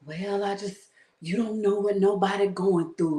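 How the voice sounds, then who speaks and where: A woman's voice: mid-range voice, steady tone, slow pace, long pauses, dark tone. A woman giving blunt, profane, sarcastic commentary, acting out other people's voices as she goes. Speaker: spiritual vlogger. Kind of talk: animated casual commentary. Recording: roomy echo.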